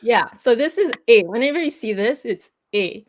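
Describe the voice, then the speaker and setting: A woman's voice: on the high side, lively intonation, brisk. Patient woman explaining pronunciation rules. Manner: patient, explains step by step, laughs easily. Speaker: host teaching pronunciation. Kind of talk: casual livestream explanation.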